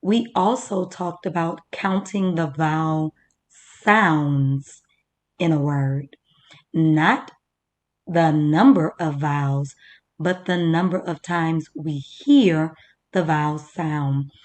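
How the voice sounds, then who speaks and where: A woman teacher leading a first-grade reading lesson, slowly sounding out words for young children. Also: deep voice, a little mellow.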